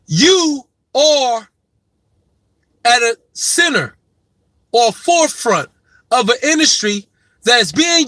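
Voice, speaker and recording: A man's voice: extremely high pitch, sharp tone, no room sound. A man giving a profane, emphatic sports opinion monologue, lecturing his subject and hammering his point home by repeating it. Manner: repeats his main point with heavy stress. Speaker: sports commentator.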